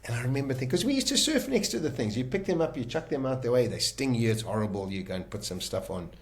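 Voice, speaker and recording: A man's voice: mid-range voice, animated, fast talker. South African man telling a vivid story. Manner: vivid, acts out his own inner voices, swings loud and soft. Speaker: guest telling his survival story. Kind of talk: animated storytelling.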